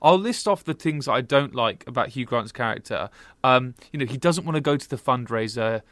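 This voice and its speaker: A man's voice: mid-range voice, animated, brisk, a bit bright, no room sound. Chatty man, dry close sound. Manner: chatty, jokey, with restarts. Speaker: podcast co-host. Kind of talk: casual chat.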